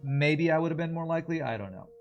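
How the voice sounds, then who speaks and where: A man's voice: fairly high pitch, animated, quick pace, lo-fi sound, soft background music. A man streaming a video game, chatting casually while he plays, swearing and laughing as he goes. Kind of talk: live gameplay commentary.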